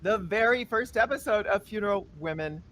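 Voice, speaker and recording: Woman, podcast host, upbeat, enthusiastic, mid-pitched voice, casual chat. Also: animated, normal speed, fairly bright tone.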